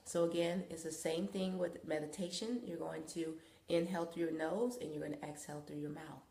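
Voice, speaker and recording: Low, gravelly woman guiding yoga. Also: brisk. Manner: loose, rambling instruction with many fillers; calm, coaching guidance. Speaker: wellness host and yoga guide. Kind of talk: live-streamed wellness talk and guided yoga. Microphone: phone. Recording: echoey room.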